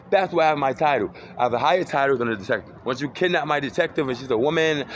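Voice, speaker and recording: A man rambling through a profane, accusatory rant outdoors on a city street, filming himself on a phone. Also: medium pitch. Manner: rambling, accusatory, heavy cursing. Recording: dull lo-fi street recording with traffic noise. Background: street traffic noise.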